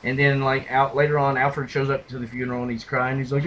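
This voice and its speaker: A man co-hosting a casual podcast, retelling and mocking movie scenes with animated delivery and loud impressions. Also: mid-range voice, fast, highs cut off, a little hiss or hum. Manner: animated storyteller, mimics lines in a loud gravelly shout. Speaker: podcast co-host. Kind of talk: casual movie review chat.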